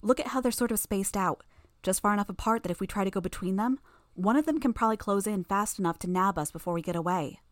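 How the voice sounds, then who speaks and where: A woman voicing a sharp-tongued, smug teenage girl villain who rattles off quick explanations in a storybook reading. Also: medium pitch, no room sound, studio quality, lightly acted. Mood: knowing, urgent.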